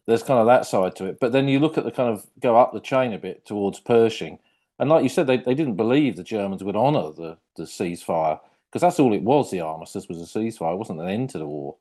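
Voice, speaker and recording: A man's voice: lowish voice, lively intonation, fast talker, warm tone. A man hosting a history podcast interview, speaking thoughtfully and often repeating words as he works through an idea. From Britain. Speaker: podcast host.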